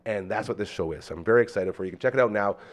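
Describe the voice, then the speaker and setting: A man's voice: fairly low pitch, racing. A man hosting a podcast, teasing his co-host in casual banter. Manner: teasing, playful, animated.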